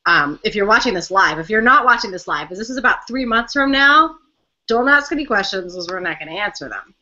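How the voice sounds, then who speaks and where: A woman's voice: medium pitch, lively intonation, a little fast, pushed and bright. A young woman co-hosting a casual live-stream fan chat, chatty and giggly, easily distracted. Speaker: co-host of a fan chat show. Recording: dull lo-fi webcam audio.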